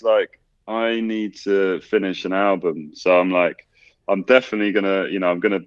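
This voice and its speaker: A man talking as the guest of a casual video-call interview, relaxed and rambling, with plenty of fillers. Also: sits low, normal speed, dry recording, lo-fi sound. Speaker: DJ and producer, guest.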